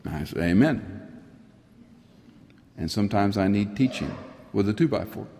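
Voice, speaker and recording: A middle-aged man preaching a sermon, earnest, rising high for emphasis and dropping to a near whisper. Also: lively intonation, measured pace, creaky, dark tone, slight background noise. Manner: earnest, rises in pitch for emphasis, drops to a near whisper at times. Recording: long hall reverb.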